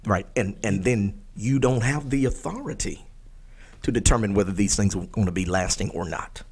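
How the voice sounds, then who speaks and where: A man's voice: fairly low pitch, normal speed, a little mellow, slightly rough. A man from Texas, co-hosting a casual faith podcast in a folksy, emphatic way. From Port Arthur, Texas. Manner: folksy, emphatic, wordplay-loving. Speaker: podcast co-host.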